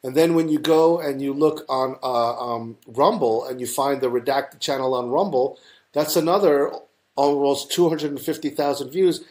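A man's voice: medium pitch, normal speed, a little mellow. Man, New York accent, talk-show guest, rambling, lots of fillers. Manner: rambling, with many fillers and restarts. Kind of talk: casual talk-show conversation.

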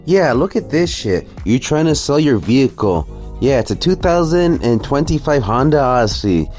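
A man's voice: medium pitch, sing-song, moderate pace, darkish tone, faint music behind. A man ranting sarcastically and profanely through a reaction commentary video. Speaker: commentary vlogger.

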